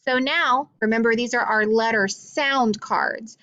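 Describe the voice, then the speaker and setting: Female teacher, higher-pitched voice, patient phonics lesson for kids, dull lo-fi recording. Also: sharp tone. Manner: patient, encouraging, speaks slowly to children. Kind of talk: phonics lesson for young children.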